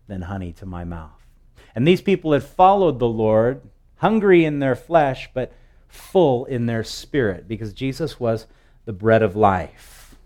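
A male pastor preaching a sermon. His voice swells with emphasis, and he slows down to read scripture. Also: lowish voice, darkish tone. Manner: preaching with rising emphatic swells and slow, drawn-out scripture readings.

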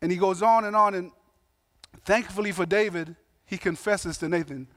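A man with a high-pitched voice delivers a sermon in a relaxed, conversational way, mixing emphatic points with slangy asides and acted-out quotes. The sound is dry and close, with no room echo. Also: normal speed. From Samoan heritage. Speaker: pastor.

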